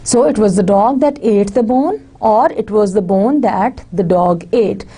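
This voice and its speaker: A woman delivers a recorded university lecture. Her voice is mellow and dark in tone. She walks through each example patiently, pausing on fillers and restarting phrases as she goes. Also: mid-range voice, slightly rough. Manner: explains step by step with frequent fillers and restarts, slips into Hindi-Urdu asides.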